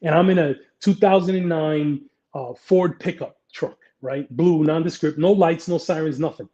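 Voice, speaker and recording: Middle-aged male guest, blunt and profane storyteller, fairly high voice but mellow tone, muffled lo-fi audio. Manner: blunt, profane, fast-moving anecdotes. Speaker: retired police detective guest. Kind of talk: casual storytelling interview.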